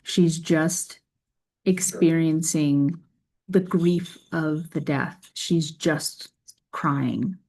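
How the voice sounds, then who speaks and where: A woman's voice: deep voice, fairly even intonation, extremely slow, a little mellow. A woman reading a scripture passage aloud and then reflecting on it in an earnest, conversational way as a faith video creator.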